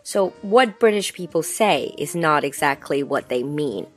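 A woman's voice: low-pitched, animated, unhurried, soft background music. A woman co-hosting an educational chat whose first language is Mandarin Chinese, curious and asking questions as she explains things in two languages. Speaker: co-host.

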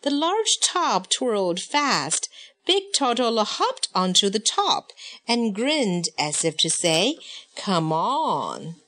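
A woman reads a picture book aloud, taking her time over every line. Her somewhat high voice swoops up and down with lively melody, and she chants the sound effects playfully. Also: slow. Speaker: storybook reader.

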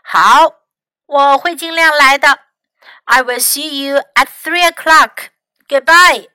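A woman's voice: sits high, slow, bright, forceful tone, no echo, heavily acted. A woman voicing a cross, reclusive male rat who snaps out short questions from behind a locked door. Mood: grudging. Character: grumpy reclusive male rat, hidden indoors.

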